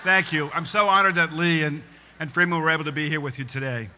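A man's voice: a little high, quick pace, bright, forceful tone. A man hosting a ceremony, offering effusive thanks with a laugh. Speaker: ceremony host. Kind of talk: ceremony remarks. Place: large tent outdoors.

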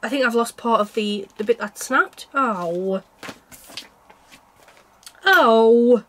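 Woman chatting about her stitching, high voice, joking at herself, a bit poorly. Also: slow, fairly bright tone. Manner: chatty and self-mocking, laughs often. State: unwell with a cold. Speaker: cross-stitch vlogger. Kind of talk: casual chat to camera.

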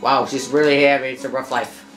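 A woman's voice: extremely low pitch, steady tone, normal speed, reverberant. A woman giving chatty let's-play commentary, often stumbling over her words as she reads game lines aloud. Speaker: gameplay commentator. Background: game music.

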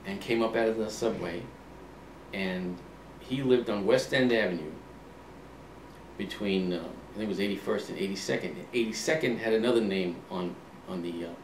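A man in his sixties, an author being interviewed, telling relaxed anecdotes and acting out old conversations, with frequent ums and restarts. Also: on the low side, normal speed. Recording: roomy, distant mic, faint ambient hum.

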